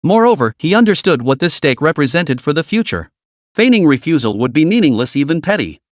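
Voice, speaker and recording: Dry, fairly high-voiced male narrator. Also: sing-song, fairly quick, no room sound. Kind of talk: scripted story recap narration.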